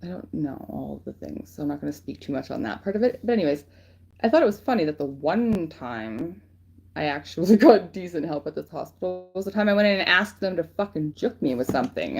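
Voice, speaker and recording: A woman's voice: low-pitched, very animated, brisk, a little mellow, a little hiss or hum. A woman giving casual spiritual guidance on a livestream, rambling and swearing freely with lots of fillers. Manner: rambling, profane, filler-heavy. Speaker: spiritual reader channeling guidance.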